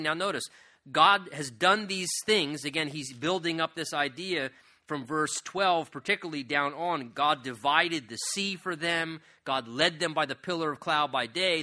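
A man preaching an expository sermon in a conversational way, often asking the audience questions and rising sharply for emphasis. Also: on the high side. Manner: animated, rises sharply for emphasis. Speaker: pastor.

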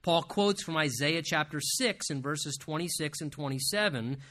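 A man's voice: fairly high pitch, normal speed, pushed and bright. A middle-aged man, a pastor, preaching a sermon and reading scripture aloud with earnest emphasis.

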